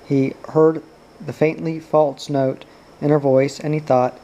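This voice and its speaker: A man narrating a novel aloud in a steady, even way. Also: a little high, measured pace, low-quality recording. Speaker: audiobook reader. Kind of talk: novel reading.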